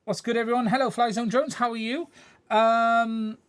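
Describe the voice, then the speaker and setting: A man's voice: very high-pitched, flat delivery, moderate pace, a bit bright, clean tone, no room sound. Man chatting through a live repair. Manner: chatty, thinks aloud while working. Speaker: streamer repairing a radio controller. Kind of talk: live-stream repair chat. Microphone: desk mic, swaps mics during the stream.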